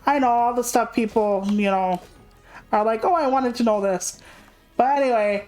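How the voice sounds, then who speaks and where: A woman's voice: fairly high pitch, normal speed, a little mellow, rough recording. Candid, swearing young woman streamer. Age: young adult. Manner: candid, rambling, swears freely. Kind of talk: casual gaming stream chat. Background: faint game music.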